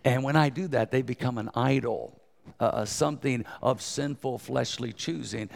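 A man in his sixties, an evangelist preaching a folksy, joking sermon, a bit hoarse, urging the crowd to join in. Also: mid-range voice, moderate pace. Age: 60s.

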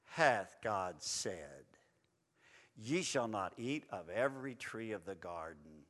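A man voicing a sly male serpent tempter, speaking slowly and drawn out. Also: sing-song, fairly bright tone, heavily acted. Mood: insinuating. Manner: slow, low and drawn out. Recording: long hall reverb.

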